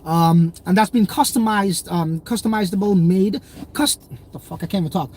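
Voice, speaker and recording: A man's voice: sits high, normal speed, a little mellow. A young man hosting a crypto livestream, chatting loosely in slang and reading viewer comments. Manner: slangy, loose and rambling, many fillers.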